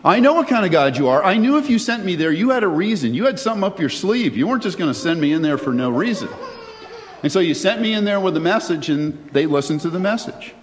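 A man's voice: high voice, big pitch swings, fast, a little hiss or hum. A man voicing an indignant adult male prophet who complains bitterly to God, heard in a space with long reverb. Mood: exasperated.

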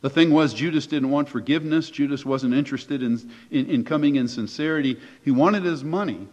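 A man delivers a sermon as pastor in a relaxed, conversational way that turns emphatic on key phrases and leans on rhetorical questions. His mid-pitched voice rings through a hall with long reverb. The recording sounds muffled and lo-fi. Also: fairly quick. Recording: echoey hall, dull lo-fi sound.

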